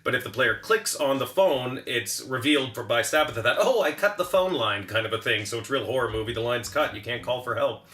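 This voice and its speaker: A man, a game developer, chatting casually in a relaxed way and thinking aloud with some hesitation. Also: mid-range voice, a little fast, few pauses, echoey room. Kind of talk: casual chat.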